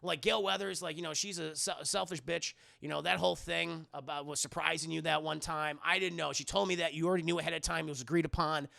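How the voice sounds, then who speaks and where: A man's voice: on the high side, fairly even intonation, fast, gravelly, hardly any pauses, sharp tone, no echo, studio quality, exaggerated voice. A man voicing a pushy, self-pitying, money-hungry grown man who wheedles, repeats himself and swears. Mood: wheedling.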